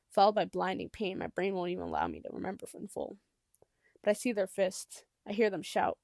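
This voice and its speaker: Gravelly-voiced woman narrating an audiobook. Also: mid-range voice, darkish tone, dry recording, clean studio sound. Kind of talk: first-person audiobook narration.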